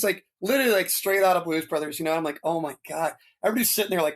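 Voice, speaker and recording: A man's voice: on the high side, a little fast. A man in his fifties telling stories in a casual, rambling way, with many fillers, and acting out the people he quotes. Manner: rambling, filler-heavy, animated when quoting others. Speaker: interview guest, retired fire lieutenant. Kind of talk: casual storytelling.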